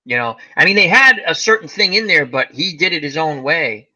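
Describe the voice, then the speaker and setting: Animated man telling stories in a chat. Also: fairly high pitch, fairly quick, a crowd in the background. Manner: animated storyteller, acts out quotes. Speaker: host. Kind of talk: casual chat.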